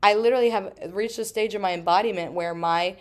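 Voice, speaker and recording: A woman in her thirties hosting a solo podcast, talking emphatically with frequent swearing and quick asides. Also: mid-range voice. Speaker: podcast host.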